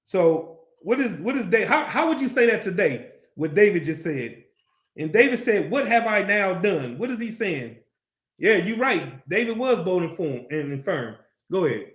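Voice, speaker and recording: High-voiced guy teaching bible class, acts out the story in slang, echoey room. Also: moderate pace. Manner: animated, asks the class questions and acts out the story in street slang.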